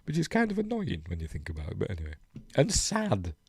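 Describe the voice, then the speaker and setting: Chatty Yorkshire man with a low voice. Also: wildly swooping pitch, fast talker, creaky, a little mellow, husky, dry recording, studio quality. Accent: Yorkshire English. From Yorkshire, England. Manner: chatty, rambling, chuckles, asks rhetorical tag questions. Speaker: host of a news live stream. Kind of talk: casual live stream commentary, reading articles aloud.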